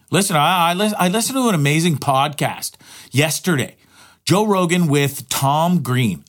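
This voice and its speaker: A man hosting his own podcast in a rambling, profane solo monologue, often restarting his sentences. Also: a little high. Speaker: podcast host.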